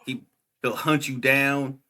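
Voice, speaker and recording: A young man co-hosting a casual podcast chat, excitable and slangy, laughing often and saying "bruh" a lot. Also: mid-range voice, takes it slowly. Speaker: podcast co-host.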